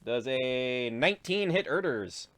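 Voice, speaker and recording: A man's voice: mid-range voice, lively intonation, measured pace, a bit bright. A man narrating as game master of a tabletop game in a laid-back, chuckling manner with many fillers. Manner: laid-back, laughs often, lots of fillers.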